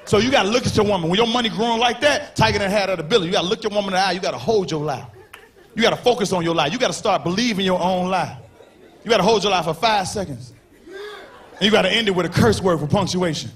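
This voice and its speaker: Loud, high-pitched stand-up comic. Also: male voice, fast. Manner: loud, animated storytelling, acts out characters, shouts punchlines. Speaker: stand-up comedian. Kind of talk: stand-up comedy set. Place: comedy stage before a live audience. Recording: live show with crowd noise. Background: audience laughter.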